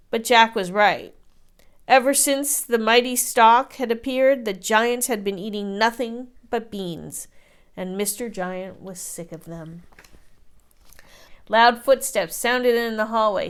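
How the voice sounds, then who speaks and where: A woman teacher reading a children's picture book aloud in an expressive storytelling manner. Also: on the high side, slow pace, clear, resonant tone.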